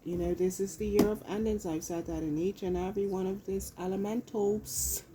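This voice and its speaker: A tarot reader gives a casual reading into her phone, blunt and profane, driving points home by repeating them emphatically. Her mid-range voice holds fairly even intonation at a moderate pace against a noisy background.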